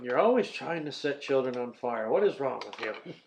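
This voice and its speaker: A man's voice: medium pitch, lively intonation, normal speed, vocal fry, a little hiss or hum. A man hosting a casual podcast about a movie, rambling through the plot with lots of fillers, swearing and laughing. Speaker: podcast host. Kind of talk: casual movie-review chat. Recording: dull lo-fi podcast audio.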